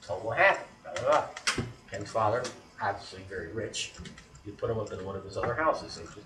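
A man's voice: lowish voice, animated, fairly quick. A man telling a creepy story in casual talk, acting out the scenes with sound effects and often checking in with "right?". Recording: roomy echo, distant mic, faint background noise.

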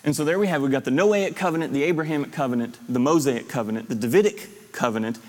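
In a hall with a long reverb, a man leads a Bible class for students in a classroom or church setting, speaking quickly in a medium-pitched, darkish voice. He walks through the material methodically, reviews lists, and quizzes his students.

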